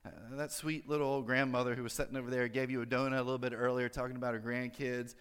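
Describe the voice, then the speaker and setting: A man's voice: mid-range voice, flat delivery, fast, fairly bright tone, clear, resonant tone, long reverb tail. A pastor giving a conversational sermon, drawing his listeners in with friendly tag questions.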